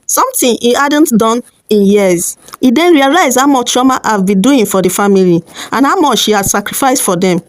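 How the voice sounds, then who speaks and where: A woman narrating a family folktale as host of her storytelling channel, steady and plain, with small slips. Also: a little high, moderate pace, few pauses, no echo.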